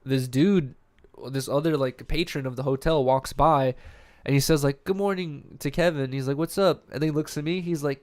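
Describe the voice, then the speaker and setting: A man's voice: fairly high pitch, brisk. A young man hosting a podcast after-show, telling a story in casual, rambling chat full of slang and laughter. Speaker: podcast host.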